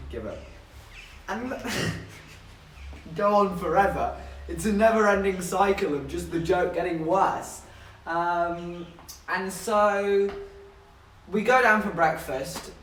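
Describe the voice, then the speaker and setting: A young man tells a rambling, self-mocking story to his live chat and keeps making jokes along the way. His voice sits a little high. It sounds roomy and is picked up from some way off the mic. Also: recorded from a distance, slight background noise. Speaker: streamer.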